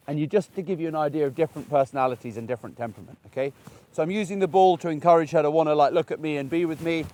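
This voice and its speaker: Man, dog trainer, outdoor demonstration, encouraging, fairly high voice. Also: quick pace, darkish tone. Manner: chatty, encouraging, with frequent restarts. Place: outdoors in a paddock.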